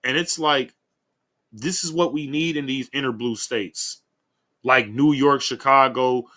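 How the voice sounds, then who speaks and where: A man's voice: mid-range voice, steady tone, measured pace, sharp tone. A man hosting a casual commentary video, rambling and saying "guys" and "um" often. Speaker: commentary channel host.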